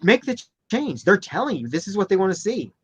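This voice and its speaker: Speaking quickly over a little hiss or hum, this podcast co-host keeps his casual chat show lively. He performs quotes in high voices and frequently restarts his sentences.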